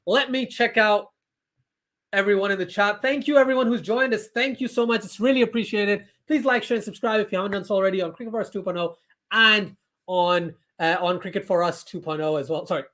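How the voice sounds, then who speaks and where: A young man with a high voice hosts a live cricket watchalong stream. He commentates on the play in a chatty, casual way and breaks into excited shouts when a wicket falls. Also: brisk. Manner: chatty, reads viewer comments aloud, bursts into excited shouts. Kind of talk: live commentary and chat reading.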